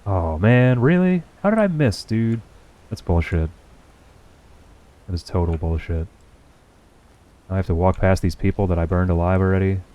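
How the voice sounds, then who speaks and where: Deep, mellow-voiced sarcastic male streamer. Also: lively intonation, moderate pace, pauses often, slight background noise. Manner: profane, sarcastic running commentary to chat. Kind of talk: casual livestream gameplay chat.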